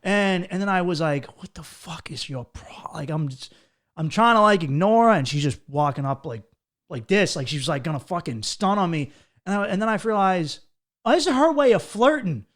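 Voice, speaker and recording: High-voiced profane podcast host, man. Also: expressive, a little fast, a bit bright. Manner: blunt, profane anecdotes. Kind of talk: casual chat.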